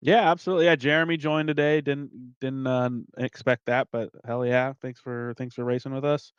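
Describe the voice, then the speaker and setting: Male league organizer, smooth voice on a dull lo-fi mic, dry sound, casual and profane. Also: medium pitch, moderate pace, dry recording. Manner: relaxed, swears, laughs often. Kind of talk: casual chat.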